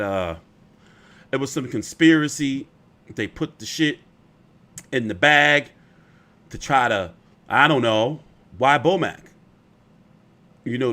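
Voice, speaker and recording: A man's voice: mid-range voice, sharp tone. A man hosting casual boxing commentary, rambling and opinionated, often profane.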